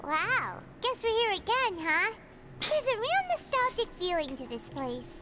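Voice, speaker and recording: A woman voicing a tiny, bubbly female game companion in a high, excitable voice. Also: unhurried, very noisy, heavily acted. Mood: nostalgic.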